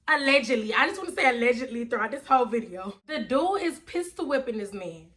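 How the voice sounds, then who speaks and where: A woman telling a wild personal story on her vlog, animated and slangy, acting out everyone's voices. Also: a little high, fast talker, hardly any pauses. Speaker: vlogger.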